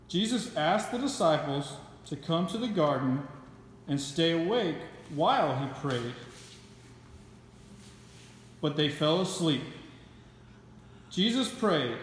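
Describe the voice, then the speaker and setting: Man narrator, measured storytelling, slightly high voice, big echoey hall. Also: lively intonation, slight background noise. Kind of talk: skit narration.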